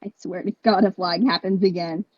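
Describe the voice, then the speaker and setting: A woman's voice: on the low side, steady tone, no echo. A woman chatting frankly between takes of a fan voice-acting session, recorded on a dull, dry home mic. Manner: frank, halting. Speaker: voice actor. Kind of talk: casual chat.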